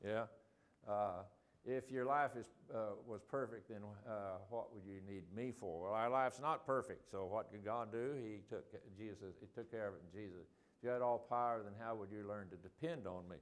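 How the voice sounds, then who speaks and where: An older man leading an informal group Bible study, rambling with many ums and restarts and reading quotations slowly. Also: lowish voice.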